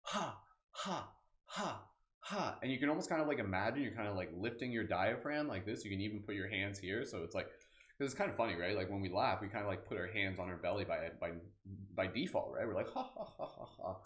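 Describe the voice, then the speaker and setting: A man hosting a live guided meditation, speaking in a relaxed, casual way full of "like" and "kind of", leading affirmations and laughter breathing. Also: on the low side, fast, reverberant. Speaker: meditation host.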